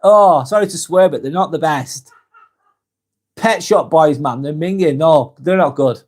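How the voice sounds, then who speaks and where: A man's voice: a little high, a little slow, a little mellow. Chatty Lancashire man with a raised voice. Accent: Lancashire English. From England. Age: 40s. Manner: chatty and friendly, often restarting and correcting himself. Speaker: live vlog host. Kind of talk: casual live-stream chat reading viewer comments aloud.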